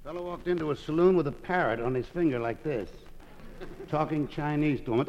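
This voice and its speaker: A man telling a joke as a guest storyteller, lively and animated, on an old radio broadcast. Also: fairly high pitch, a little fast, lo-fi sound.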